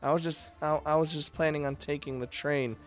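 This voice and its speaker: A man's voice: on the high side, steady tone, a little fast, faint music behind, voice pushed up, natural voice. A man voicing a practical young woman companion who speaks in a matter-of-fact, lightly teasing way. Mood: dry.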